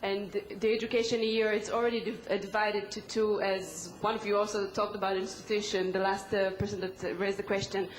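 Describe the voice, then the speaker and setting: A woman with an Israeli accent, a native Hebrew speaker, answering as a panelist in halting English with repeated words. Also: mid-range voice, little pitch movement, slight background noise. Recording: echoey conference hall.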